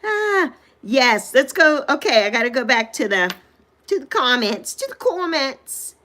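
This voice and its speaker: A woman in her sixties hosting a casual livestream, animated and sassy, greeting viewers by name. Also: sits high, moderate pace. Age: 60s. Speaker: livestream host.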